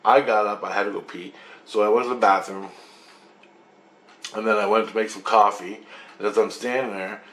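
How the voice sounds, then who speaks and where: A man's voice: fairly low pitch, fairly even intonation, moderate pace, pauses often, a bit bright, reverberant. A man telling a long, rambling story in a monologue, swearing freely and restarting sentences. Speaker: vlogger recounting a dream.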